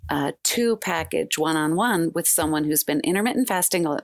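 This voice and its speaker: A woman in her fifties, a fasting coach, chatting as a guest and telling stories with lively acted-out quotes and frequent laughs. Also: deep voice. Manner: animated storyteller, acts out quotes, laughs often. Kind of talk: casual interview chat.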